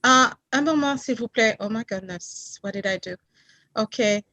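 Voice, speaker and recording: A woman's voice: fairly high pitch, normal speed, bright, forceful tone, no room sound. A woman with a French accent, a native French speaker, hosting an online memorial gathering and carefully checking how to say guests' names. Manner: careful about pronouncing names, apologetic. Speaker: event host. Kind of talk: casual online meeting chat. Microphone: video call.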